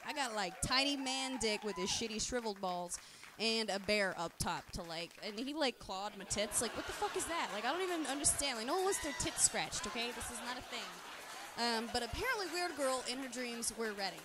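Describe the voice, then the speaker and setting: Profane, rambling woman with a higher voice. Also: animated, a little fast, noisy background. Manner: crude, profane, rambling with many fillers. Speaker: live streamer. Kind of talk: casual rambling monologue.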